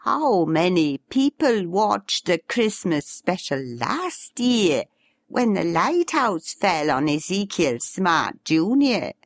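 A woman voicing a vain, theatrical aging female television star with a grand, drawn-out delivery. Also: on the low side, sing-song, dry recording, studio quality, voice pushed up, full character voice. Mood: grandstanding.

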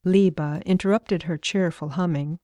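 Audiobook narrator, woman, measured and calm, dry booth sound. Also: fairly low pitch, no echo.

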